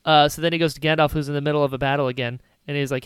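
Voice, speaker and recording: A woman hosting a podcast, recapping a film in casual chat with lively retellings. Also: sits low, clean tone, no room sound, clean studio sound. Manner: animated retelling with quick character voices. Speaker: podcast host.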